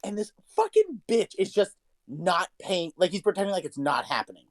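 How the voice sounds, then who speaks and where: A man's voice: high voice, wildly swooping pitch, moderate pace. A young man co-hosting a podcast, telling a story in casual chat, swearing a lot and talking with animation. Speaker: podcast co-host.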